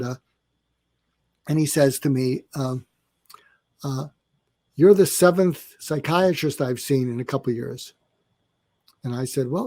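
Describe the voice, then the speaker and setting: A man's voice: fairly high pitch, darkish tone, no room sound. An older man, a psychiatrist guest on a podcast, telling stories in a meandering way with lots of fillers and acted-out dialogue. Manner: meandering, filler-heavy, acts out quoted dialogue. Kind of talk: storytelling in a podcast interview.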